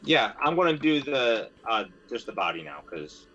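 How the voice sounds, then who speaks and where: A man's voice: mid-range voice, big pitch swings, moderate pace, sharp tone, dull audio, soft background music. A man playing a tabletop horror game, talking in a casual, hesitant, stammering way. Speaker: player.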